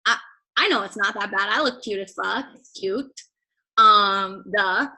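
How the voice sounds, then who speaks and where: A woman's voice: mid-range voice, measured pace, bright, forceful tone, low-quality recording. A young woman leading a team training call as coach, chatty and blunt, swearing freely and filling her talk with "like" and "right?".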